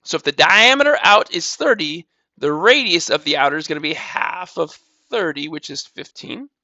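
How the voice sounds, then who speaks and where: Casual, high-voiced man teaching math. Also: animated, normal speed, pushed and bright, no room sound, dull audio. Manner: talks through calculations step by step, casual, repeats numbers, says "blah, blah". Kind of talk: recorded math lesson walkthrough.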